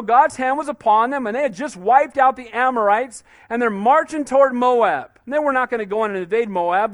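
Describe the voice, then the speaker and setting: High-voiced man preaching, dry close sound. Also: fairly bright tone, no echo. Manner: conversational preaching, asks "Amen?" often, acts out quotes. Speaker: pastor. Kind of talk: sermon.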